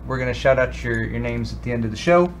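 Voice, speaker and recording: A man's voice: mid-range voice, fast, slight background noise. A man co-hosting a casual tech show, talking loosely with frequent restarts and fillers. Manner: rambling, restarts with many ums and uhs. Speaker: co-host. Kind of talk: casual chat.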